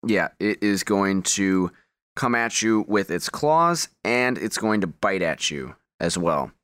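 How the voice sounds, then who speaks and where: A man narrating as game master of a tabletop game, in a relaxed and playful way. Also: lowish voice, slow, smooth, no echo. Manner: relaxed, playful, hammy creature sounds.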